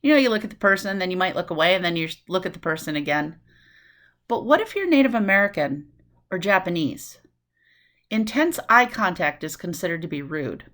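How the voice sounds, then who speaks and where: A woman from New City, giving a recorded nursing lecture in a lively way, acting out quick voices and asides. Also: medium pitch. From New York City. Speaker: nursing instructor.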